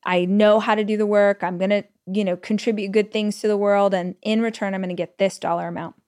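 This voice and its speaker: A woman hosting a solo podcast, telling personal stories in a chatty, animated way full of "like" fillers and quoted thoughts. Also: medium pitch, brisk, smooth. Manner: retells stories with quoted inner speech. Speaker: podcast host. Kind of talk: casual solo podcast storytelling.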